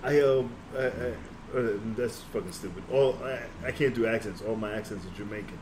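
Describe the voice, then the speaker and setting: A man's voice: fairly low pitch, a little fast, a crowd in the background, low-quality recording. A man hosting a podcast, joking around and talking casually. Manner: animated, jokey, swears.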